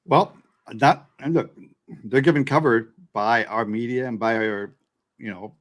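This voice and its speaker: A man's voice: medium pitch, a little slow. A man co-hosting a casual political chat, speaking indignantly and emphatically.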